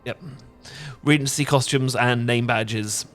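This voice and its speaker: A man's voice: medium pitch, fairly even intonation, slow, a bit bright. A British man in an audio role-play stumbles over his words and keeps apologizing. He laughs nervously between his sentences. His voice sits in a middling register, with faint music playing in the background. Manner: laughs often. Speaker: ASMR roleplay performer.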